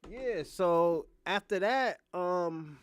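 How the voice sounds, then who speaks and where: A man's voice: high voice, lively intonation, drawn-out words, clear, resonant tone. A man hosting a podcast, casually retelling a story in a rambling, profane way with many fillers and restarts. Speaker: podcast host.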